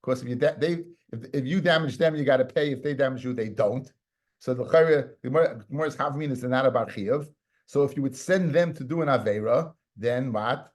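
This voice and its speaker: A man's voice: mid-range voice, brisk. Conversational male rabbi teaching Talmud. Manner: conversational, repeats words, mixes Hebrew and Aramaic terms. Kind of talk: Talmud study lesson.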